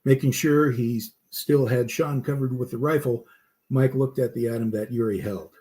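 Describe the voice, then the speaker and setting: A man narrating a campfire story in a steady way, with small slips and restarts. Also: medium pitch, moderate pace.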